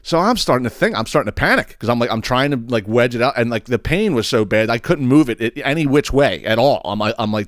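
A man's voice: mid-range voice, animated, fast talker, hardly any pauses, no echo, studio quality. A man hosting a podcast, telling a story casually, rambling, swearing often and laughing at himself. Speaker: podcast host.

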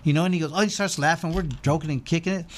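A man's voice: fairly high pitch, very fast. A former boxer telling a long rambling story as an interview guest, acting out the voices of the people he quotes.

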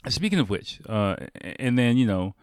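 A man's voice: medium pitch, sing-song, normal speed, no room sound, studio quality. A man from the United States telling a casual anecdote, laid-back and full of fillers, laughing often. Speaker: storyteller.

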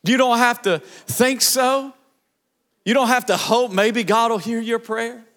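A man preaching a sermon as pastor, with passionate, rhythmic repetition that swells into shouts. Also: very high-pitched, fairly even intonation, a little slow.

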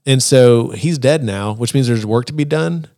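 An animated man hosts a casual chat, telling a story and slipping into quick voices for each character. His pitch sits in the middle of the range. The sound is dry and close, with almost no room. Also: no room sound. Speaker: podcast host.

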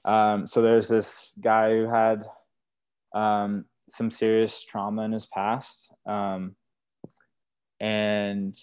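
Earnest young man, low flat voice. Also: clear, resonant tone, no room sound. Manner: earnest, many fillers like "like" and "you know". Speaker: podcast guest, wilderness therapy guide. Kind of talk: casual conversational storytelling.

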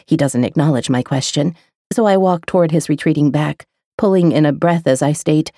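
Female audiobook narrator, low and mellow, intimate expressive read. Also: moderate pace, no echo, studio quality. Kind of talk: first-person romance narration.

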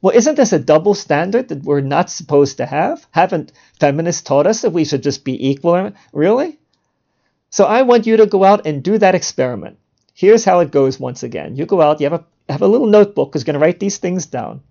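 A man's voice: on the high side, big pitch swings, fairly quick, creaky, warm tone, highs cut off. A man hosting a podcast, delivering a provocative monologue in a sarcastic, mock-indignant way and chuckling at his own jokes. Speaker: podcast host.

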